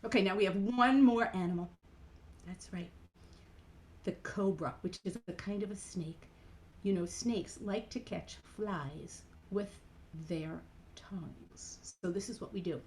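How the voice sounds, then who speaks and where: A woman's voice: medium pitch, a little slow, a little hiss or hum. A woman cantor leading a playful children's program over a video call, animatedly guiding kids through movements.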